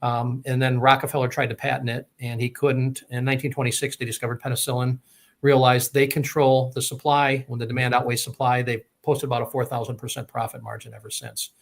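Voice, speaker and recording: A man's voice: medium pitch, level tone, fairly quick, creaky. A man telling a long personal story in a rambling way, full of fillers and restarts. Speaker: guest telling his story. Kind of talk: casual storytelling.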